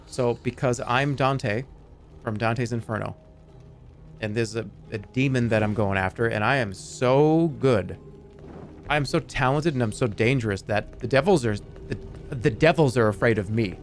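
A man's voice: medium pitch, normal speed. A man streaming a video game, chatting casually with viewers in a jokey, exaggerated way. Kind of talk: casual livestream chat while gaming. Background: game music.

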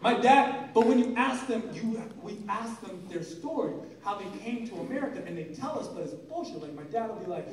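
A man with a very high voice performing a stand-up set, animated and story-driven. He sounds distant from the mic in a very echoey room. A crowd laughs audibly behind him. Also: fast, hardly any pauses. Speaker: stand-up comedian. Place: comedy club on stage.

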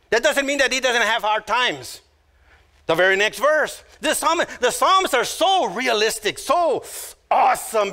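A male pastor delivering a sermon in a high, animated voice that rises and falls widely. He speaks slowly and brightly, repeating phrases and drawing out words for emphasis. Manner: acts out little quoted voices.

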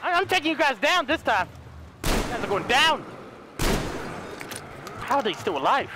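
Male gaming host, high lively voice, excitable commentary over noisy game sounds. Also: moderate pace, pauses often. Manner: excitable, yelps and talks to enemies. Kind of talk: casual gameplay commentary. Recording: voice over loud game audio. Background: game sound effects.

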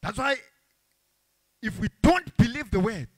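Male pastor, high bright voice, chanting fervent sermon, dry close sound. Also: very animated, unhurried, no room sound. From Africa. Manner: fervent preaching with chanted, sung phrases and shouts.

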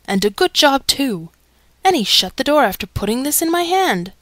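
A woman's voice: sits high, sing-song, normal speed, fairly bright tone, no room sound, pitched above the performer's own voice. A woman reading aloud and voicing a gloomy, breathless male theatre official who speaks urgently, in a storybook.

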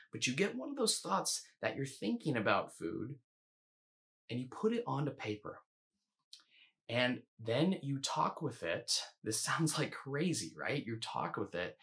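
A low-voiced man gives a calm instructional talk as an eating coach. He speaks in a measured, unhurried way and now and then restarts a phrase.

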